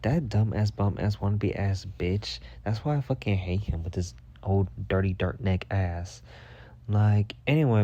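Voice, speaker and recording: A man hosting a podcast, telling a casual story full of swearing, jumping to a high voice when he quotes himself. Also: highs cut off. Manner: profane, animated, jumps to a high voice when quoting himself. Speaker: podcast host.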